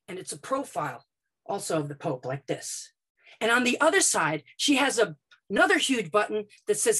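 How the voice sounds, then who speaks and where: A woman from Brooklyn telling a first-person story on stage, dramatic and vivid, moving between quiet and loud passages. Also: mid-range voice, very animated, moderate pace, slightly rough. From Brooklyn, United States.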